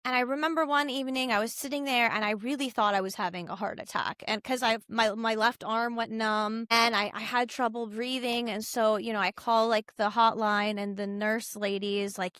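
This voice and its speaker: A young adult woman telling a personal story as a podcast guest, chatty and animated, full of "like" and "you know" and acted-out quotes of other people. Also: a little high, moderate pace, hardly any pauses, smooth, no echo, clean studio sound. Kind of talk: casual storytelling in an interview.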